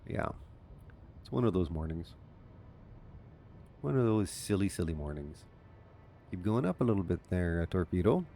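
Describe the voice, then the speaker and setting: A man's voice: low voice, sing-song, moderate pace, vocal fry, pauses often, mellow, slight background noise. A man from Canada giving rambling, self-amused commentary while playing a game as a channel host. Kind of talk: casual let's-play commentary.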